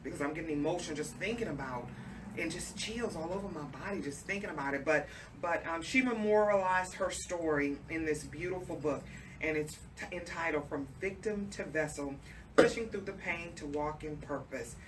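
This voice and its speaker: Speaking straight to her audience, a radio talk show host is effusive and emotional during an interview chat in the studio. She has a low voice at normal speed, recorded from a distance with noticeable background noise.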